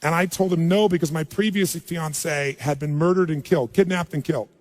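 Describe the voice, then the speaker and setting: A man delivers a motivational seminar speech in a high voice, shifting from hushed storytelling to urging the audience. His voice rings with the long reverb of a big hall. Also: brisk. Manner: storytelling, then urging the crowd. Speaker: motivational speaker.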